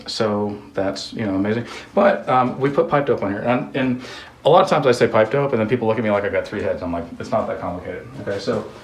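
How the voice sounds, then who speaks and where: A man with a mid-range voice hosts a relaxed do-it-yourself vlog from a house being renovated. He's a contractor who tells rambling, jokey stories. The off-mic recording sounds roomy and carries a little hiss or hum.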